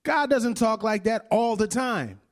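Guy preaching, pretty high voice, chatty sermon, keeps saying right? and laughing. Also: a little slow. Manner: conversational preaching with frequent "right?" asides and laughter.

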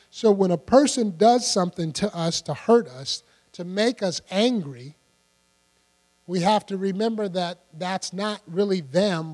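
This preacher is an older man whose high voice carries a conversational sermon, frequently questioning the congregation. A long hall reverb hangs over the audio, with a steady electrical hum underneath.

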